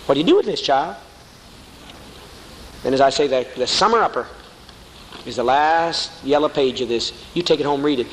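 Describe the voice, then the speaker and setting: A man's voice: a little high, animated, moderate pace, long pauses. Fiery preacher man in an echoey hall. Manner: fiery, mocking, calls listeners honey. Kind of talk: sermon. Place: church hall before a congregation. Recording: echoey hall with faint noise.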